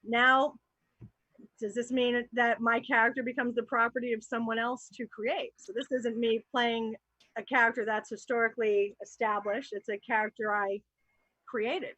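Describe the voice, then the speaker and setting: A woman's voice: fairly high pitch, flat delivery, moderate pace, fairly bright tone, dry recording, rough recording. A woman from New Jersey, an actor and improv performer, talking candidly and animatedly in a casual panel chat, with fillers as she thinks aloud. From New Jersey, USA.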